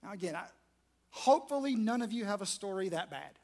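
A man's voice: high-pitched, expressive, brisk, a little mellow. A man, preaching a sermon to a large room through a self-mocking personal story. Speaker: pastor.

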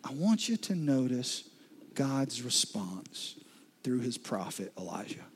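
Husky-voiced man preaching with dramatic swings. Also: mid-range voice, sing-song, slow. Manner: dramatic, swinging from loud pleas to hushed whispers; addresses listeners directly with repeated questions. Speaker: pastor. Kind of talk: sermon.

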